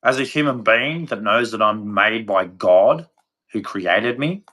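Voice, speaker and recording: A man's voice: lowish voice, animated, a little slow, pushed and bright. An Australian man from Australia giving a blunt, rambling opinion rant to camera, swearing freely. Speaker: vlogger.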